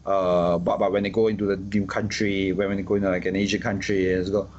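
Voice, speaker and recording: A man from Singapore is interviewed and shares his views in casual talk, often repeating words, restarting, and using fillers. His voice sits low, with a flat delivery, fast pace, and slightly mellow tone. The sound is dull and lo-fi with slight background noise.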